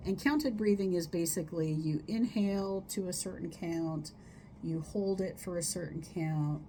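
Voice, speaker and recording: A middle-aged woman therapist speaks in a slow, slightly low voice, chatting casually and wandering between thoughts. She demonstrates breaths and sighs aloud as she explains them. A faint hiss of background noise runs under her voice. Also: mellow. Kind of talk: casual solo talk giving wellness tips.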